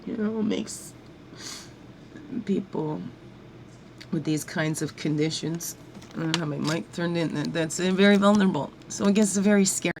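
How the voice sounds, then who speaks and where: A woman's voice: on the low side, moderate pace, long pauses, a little hiss or hum, rough recording. A woman talking through her feelings in an emotional, rambling monologue, at times crying and repeating her words as her voice rises. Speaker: spiritual guidance vlogger.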